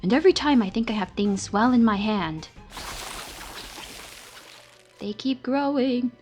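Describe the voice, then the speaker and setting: A woman's voice: fairly high pitch, normal speed, darkish tone, highs cut off, faint music behind, close to an everyday voice. A woman reading as an old fairy man. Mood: weary. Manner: stumbling over words while reading aloud. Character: old male fairy complaining of his back.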